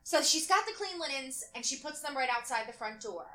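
Bright, animated woman telling stories. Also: sits high, brisk. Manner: animated, laughing, swears freely, squeals at animals. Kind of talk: casual chat, storytelling.

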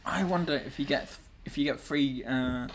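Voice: mid-range voice, normal speed, background noise. A podcast co-host in casual comedy chat, dry and curious, setting up the jokes.

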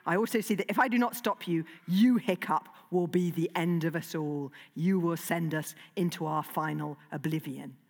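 A woman's voice: fairly low pitch, normal speed, hardly any pauses, darkish tone, voice pushed down. Woman putting on a vengeful male dragon. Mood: grim, urgent. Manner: grand, urgent proclamation. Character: angry vengeful male dragon rebel leader. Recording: long hall reverb.

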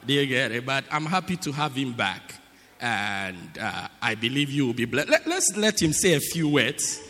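A man's voice: medium pitch, big pitch swings, normal speed, bright, forceful tone. A man who is a pastor, making emphatic church announcements and repeating himself for effect, recorded in a church hall. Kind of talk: sermon announcements. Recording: echoey church hall, crowd murmur.

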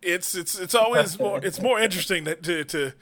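A man's voice: sits high, a little fast, a bit bright. A man hosting a casual comedy podcast, telling loose, profane stories and laughing often. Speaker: podcast host. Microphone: studio mic.

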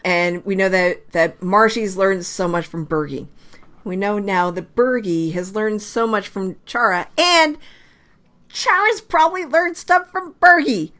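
A woman co-hosting a casual sports podcast, chatty with quick asides and frequent laughter. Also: medium pitch, a bit bright. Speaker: podcast co-host. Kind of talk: casual hockey chat.

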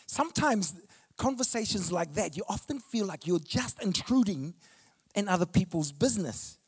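A man's voice: high voice, lively intonation, normal speed, slightly rough. A man preaching a sermon. He tells stories in a chatty, conversational way and then builds to emphatic, declarative preaching. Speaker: pastor.

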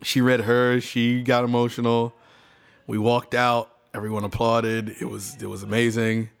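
A man's voice: mid-range voice, moderate pace, gravelly, smooth. A man in casual chat, telling a story with energy and acting out what people said. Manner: animated storyteller who acts out quotes.

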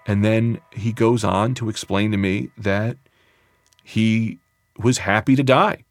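Gravelly low-voiced man telling a story. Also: fairly even intonation, slow. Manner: casual, conversational, loose phrasing with fillers. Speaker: comedian telling a personal story. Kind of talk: personal storytelling.

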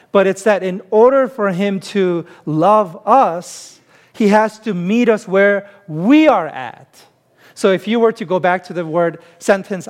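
A man with a high-pitched voice delivering a sermon as a pastor. He talks in a conversational, emphatic way and leans into plain everyday examples. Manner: conversational, emphatic preaching with self-deprecating humor.

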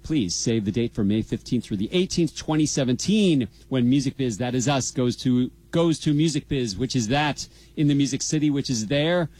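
A man's voice: mid-range voice, moderate pace, hardly any pauses, darkish tone, dry recording. A middle-aged man hosting a college radio show in a studio, joking and rambling with his co-hosts. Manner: playful, rambling, punning.

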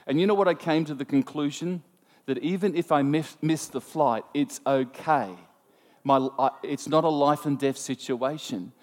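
A man preaching a sermon, telling a personal story in an animated, self-mocking way. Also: medium pitch, normal speed. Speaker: pastor. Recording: long hall reverb.

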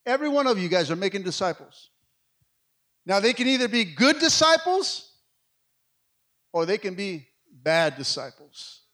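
A middle-aged man preaching a sermon, with energetic delivery that swings from loud calls to hushed asides. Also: on the high side. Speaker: pastor.

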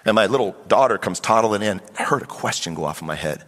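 A middle-aged man preaching a sermon as pastor, animated and acting out voices of Bible figures. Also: fairly low pitch, quick pace. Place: church sanctuary. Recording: long hall reverb.

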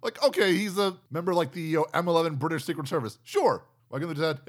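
A man's voice: a little high, fast talker, hardly any pauses. A man co-hosting a casual film review chat, incredulous and exasperated, swearing now and then. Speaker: podcast co-host reviewing a film.

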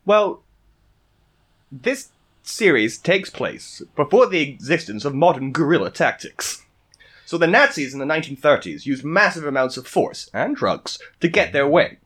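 A man's voice: on the high side, very animated, moderate pace, a bit bright. A man co-hosting a casual book-discussion podcast, telling jokes dryly.

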